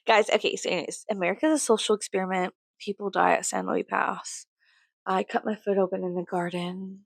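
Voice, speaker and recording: A woman vlogger ranting in a casual, rambling way, full of swearing, jumping from loud outbursts to low mutters. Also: steady tone, a little fast, gravelly, no room sound.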